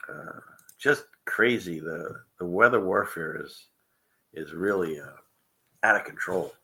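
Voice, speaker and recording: A man's voice: low voice, lively intonation, measured pace, pushed and bright. A man hosting a casual livestream show, rambling through clips with frequent chuckles and conspiratorial asides. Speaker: show host.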